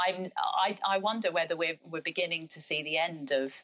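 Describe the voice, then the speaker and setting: A woman chats about football with a bright, forceful tone. She tells her stories with animation, acting out how she shouted at the screen. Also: low voice, moderate pace, few pauses, low-quality recording. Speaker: co-host discussing football. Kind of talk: casual chat.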